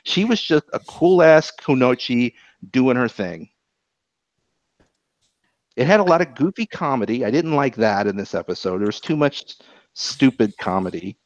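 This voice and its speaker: A man co-hosting a podcast, chatting casually about anime episodes in an animated, rambling way and swearing freely. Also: mid-range voice, moderate pace, dry recording. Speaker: podcast co-host. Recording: dull lo-fi podcast audio.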